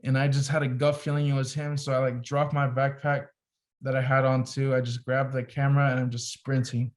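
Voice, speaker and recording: A man's voice: medium pitch, brisk. A young adult man, a photographer and podcast guest, telling a story casually and animatedly, with lots of "like" as filler. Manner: animated storyteller, heavy use of "like".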